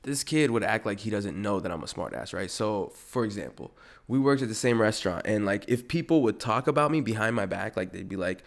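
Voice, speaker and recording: A man's voice: on the low side, fast talker. A young man in his twenties hosting a podcast, ranting casually with lots of swearing and sudden mocking voices. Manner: animated, profane, jumps into mocking voices. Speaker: podcast host.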